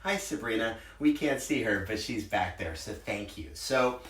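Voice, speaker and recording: A man's voice: lowish voice, expressive, normal speed, a bit bright, recorded from a distance. A man in his forties, a preschool teacher, leading a virtual circle time for young children in an upbeat way with simple words. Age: 40s. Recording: roomy echo, from the mic, with guitar.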